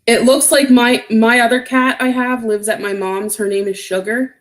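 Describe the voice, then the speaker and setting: A woman's voice: on the high side, steady tone, normal speed. A woman chatting casually on a livestream, reading out and answering viewer comments, getting emotional and close to tears. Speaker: vlogger.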